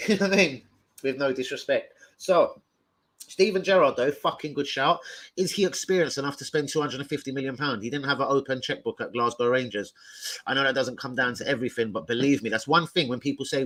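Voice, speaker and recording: A young man ranting live about football to his viewers, loud, sweary and jokey. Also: mid-range voice, a little fast, low-quality recording. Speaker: football fan livestreamer.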